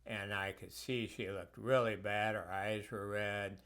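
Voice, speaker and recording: Low-voiced man telling personal stories. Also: steady tone, measured pace, fairly bright tone. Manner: conversational, reflective, with fillers. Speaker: health practitioner. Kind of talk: personal storytelling in a course video.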